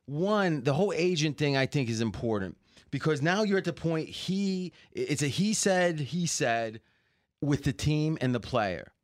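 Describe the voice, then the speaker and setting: A man's voice: on the high side, expressive, a little slow, dry recording, studio quality. A man talking football as a guest analyst, arguing his points animatedly and restarting sentences as he thinks aloud. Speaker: sports betting analyst guest. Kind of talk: casual sports talk.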